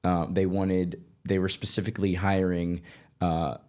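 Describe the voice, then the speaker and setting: A man from Colorado hosting a podcast, telling stories in a casual, animated way with lots of restarts. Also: low-pitched, measured pace. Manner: animated, self-interrupting storyteller. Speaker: podcast host, actor. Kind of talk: casual storytelling chat.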